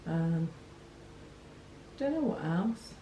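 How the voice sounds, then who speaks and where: A woman's voice: fairly low pitch, lively intonation, extremely slow, warm tone. A middle-aged woman, the mother, chatting casually at home with short, easygoing replies. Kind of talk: casual chat. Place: dining room at home. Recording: roomy dining room.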